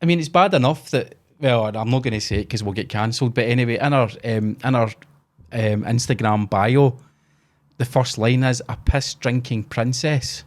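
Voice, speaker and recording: A man's voice: medium pitch, moderate pace. A man co-hosting a podcast in casual chat, teasing with dry jokes. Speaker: podcast co-host.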